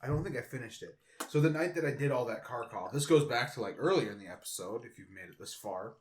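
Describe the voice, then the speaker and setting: A man's voice: medium pitch, expressive, quick pace. A young man co-hosting a podcast in casual chat, rambling, laughing often and swearing casually. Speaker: podcast co-host.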